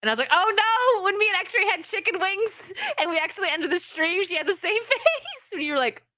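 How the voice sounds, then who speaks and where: A woman's voice: very high-pitched, sing-song, quick pace, sharp tone, dry recording. A woman co-hosting a casual live stream, reading out donations and telling stories with lots of laughter. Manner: laughs often, talks through funny stories. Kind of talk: casual chat.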